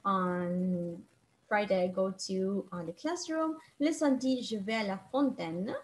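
Woman teacher, online class over video call, patient and repetitive. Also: medium pitch. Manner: patient, repeats and translates phrases slowly.

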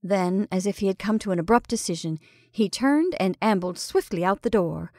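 A woman reading a classic short story aloud in a measured, expressive storytelling style. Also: mid-range voice, no room sound, studio quality. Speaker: story reader. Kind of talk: scripted storytelling narration.

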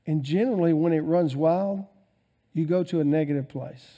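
A male pastor with a fairly high voice preaches a sermon at normal speed, swinging between loud emphasis and quiet asides.

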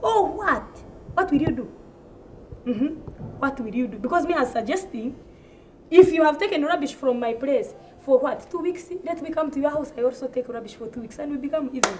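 A woman's voice: high voice, lively intonation, a little fast, a little mellow, a little hiss or hum. A woman from Uganda with a Ugandan English accent, performing a comedy sketch with an indignant, ranting delivery that repeats itself for effect.

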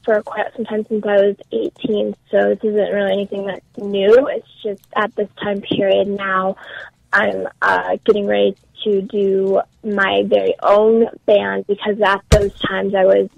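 A young adult woman, a guest musician, talking casually in an interview with frequent ums and pauses. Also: mid-range voice, gravelly, no echo, poor audio. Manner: hesitant, lots of ums and uhs.

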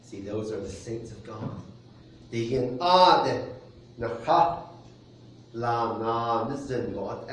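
A pastor delivers a deliberate, unhurried sermon, pausing for soft chuckles as he explains his points. His voice comes from a distance into a strongly echoing space, with faint noise underneath. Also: medium pitch. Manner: measured preaching with soft chuckles. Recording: very echoey room, distant mic.

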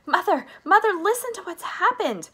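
A poor, kind little boy from a storybook, pitched high and tumbling eagerly over his words, as a woman reads him. Her delivery stays lively and wide-ranging. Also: brisk, gravelly, full character voice. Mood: excited. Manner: eager, breathless.

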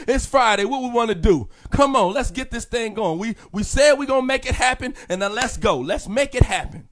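A man preaching a motivational sermon in a repetitive, sing-song cadence, rising to shouts and dropping soft and low. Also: animated, moderate pace, hardly any pauses, slight background noise. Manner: rises to shouts, then drops soft and low.

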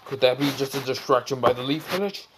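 A man voicing an angry, hot-tempered male village leader who shouts his orders. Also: medium pitch, quick pace, noisy background, close to an everyday voice.

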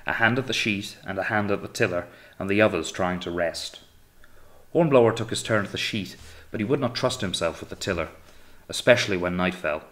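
A man reading an audiobook of a naval adventure in steady, measured narration. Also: low-pitched. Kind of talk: scripted narration.

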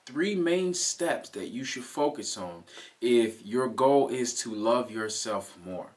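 A man's voice: medium pitch, expressive, slow, darkish tone. Earnest man giving a motivational talk. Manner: earnest, repeats key phrases, coaxing "right?" asides. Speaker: motivational speaker. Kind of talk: motivational self-help talk.

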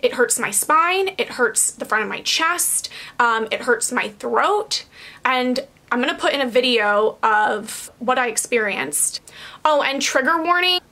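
A woman's voice: a little high, lively intonation, unhurried, bright, forceful tone. A young woman talking frankly and chattily to camera in a casual vlog, laughing easily now and then. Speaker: vlogger. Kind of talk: candid casual chat to camera.

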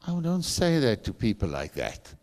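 A man's voice: mid-range voice, huge pitch swings, normal speed, a little mellow. A middle-aged man with a South African accent, preaching a sermon in a church and telling stories with emphatic, rising calls. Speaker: pastor.

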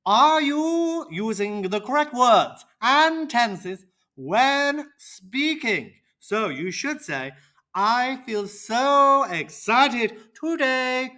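A performer voicing a cheerful, confident teacher character who coaches children on speaking, in slow, deliberate, teacherly roleplay. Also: mid-range voice, sing-song, sharp tone, exaggerated voice. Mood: upbeat.

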